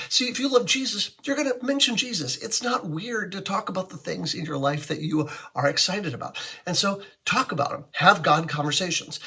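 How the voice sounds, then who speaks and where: A male pastor teaching in a relaxed, conversational sermon style. His voice is bright and forceful, rough and husky in texture, pitched a little high for a man. He acts out quotes as he tells stories.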